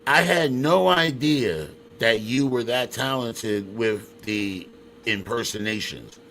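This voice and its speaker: A man's voice: mid-range voice, slow pace, a bit bright, a little hiss or hum. Laid-back, slangy male podcast host. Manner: laughing often, swearing, loose slangy phrasing. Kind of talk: casual interview chat.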